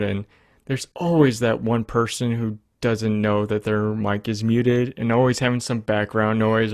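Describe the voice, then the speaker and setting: A man hosting a podcast interview, asking relaxed, curious questions in a casual chat. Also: fairly low pitch.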